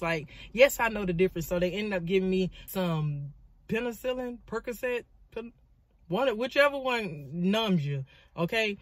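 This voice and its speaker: Woman vlogger; lively, dramatic storytelling with asides; dry, close recording. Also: mid-range voice, normal speed, no echo. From Florida, US. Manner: animated, dramatic retelling with lots of asides. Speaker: vlogger and motivational speaker. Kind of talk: storytelling vlog.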